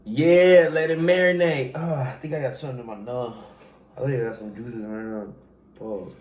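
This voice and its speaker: A man's voice: fairly low pitch, fairly quick, reverberant, slight background noise. A man vlogging a spicy noodle challenge at home, talking loosely, laughing and cursing as the heat builds. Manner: loud, laughing, swearing while eating hot noodles. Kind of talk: casual chat.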